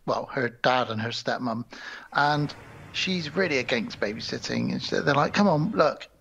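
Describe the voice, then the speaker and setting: Gravelly man recapping a film. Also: mid-range voice, moderate pace, sharp tone, muffled recording, slight background noise. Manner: storytelling recap, acting out characters' lines. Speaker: podcast co-host.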